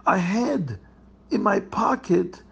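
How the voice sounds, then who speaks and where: Brief: a man as a panicked father of the bride, higher voice, gravelly, wailing. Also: expressive, slow pace, dull audio, heavily acted. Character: distraught father of the bride, middle-aged man.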